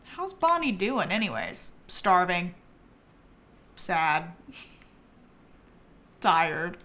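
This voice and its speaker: Bright, animated woman streamer chatting. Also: fairly low pitch, extremely slow, long pauses, slight background noise. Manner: excitable, chatty, talks to her game characters. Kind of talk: live game commentary.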